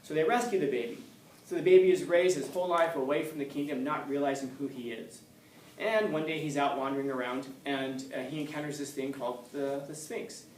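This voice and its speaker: A man retells an old tale to a class, slipping into the characters' voices and joking along the way. His voice is a little high and sits at a distance from the mic. The classroom is roomy and echoes around him. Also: fairly even intonation, a little fast, slight background noise. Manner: storytelling, acting out characters, joking with students. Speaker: teacher. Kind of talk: casual classroom lecture. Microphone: distant room mic. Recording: echoey classroom recorded from far off.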